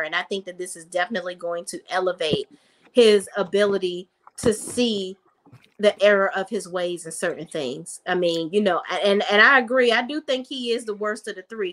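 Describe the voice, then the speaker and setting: A woman's voice: mid-range voice, fairly bright tone, low-quality recording. A woman co-hosting a casual chat, mostly agreeing and adding her own view. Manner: agreeable, chiming in with assent. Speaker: co-host.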